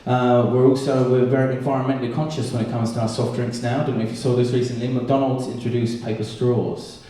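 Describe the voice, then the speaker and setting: A man from England doing a sweary, animated stand-up set, telling stories and slipping into character voices. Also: medium pitch, fairly quick. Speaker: stand-up comedian. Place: comedy club stage with audience. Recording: echoey live room, distant mic.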